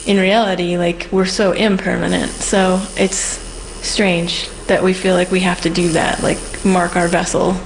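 Female tattoo artist, reflective interviewee with a low, creaky voice. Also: level tone, measured pace, a little hiss or hum, rough recording. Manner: thoughtful, musing. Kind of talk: personal interview.

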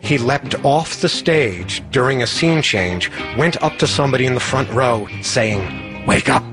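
A man's voice: mid-range voice, animated, measured pace, music in the background. A man telling a personal story in a wry, self-mocking way. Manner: wry, self-mocking, acts out quoted voices.

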